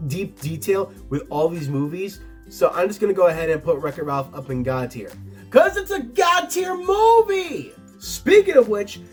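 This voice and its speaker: Young guy ranking movies, swoops all over, snarky and crude, faint music behind. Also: sits high. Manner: animated, sarcastic, crude jokes. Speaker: tier list video host. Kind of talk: casual commentary ranking movies.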